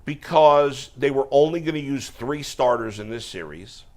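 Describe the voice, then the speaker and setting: A man hosting a casual sports talk show, explaining baseball roster moves in a steady, informative way. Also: medium pitch, moderate pace. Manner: steady, informative, stat-heavy.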